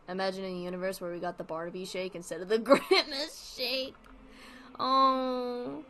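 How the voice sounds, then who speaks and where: A woman's voice: mid-range voice, steady tone, moderate pace, bright, forceful tone. A young woman streamer chatting casually with her viewers and reading aloud, chatty and self-deprecating.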